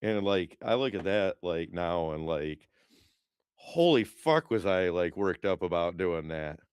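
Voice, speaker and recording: This podcast co-host has a smooth low voice with lively intonation, speaking a little slowly and a little mellowly. The studio audio is clean with no echo, and his casual chat runs to rambling, profane stories stuffed with fillers.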